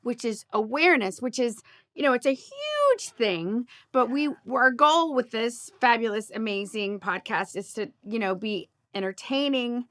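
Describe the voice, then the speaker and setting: A woman's voice: fairly high pitch, animated, measured pace, a bit bright. A woman hosting a casual podcast chat as a coach, gushing and enthusiastic, laughing often.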